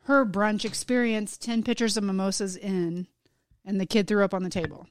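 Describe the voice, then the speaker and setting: A woman's voice: medium pitch, steady tone, normal speed, clear, resonant tone, no room sound. A woman co-hosting a casual chat, blunt and teasing as she tells stories. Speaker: co-host. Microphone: headset.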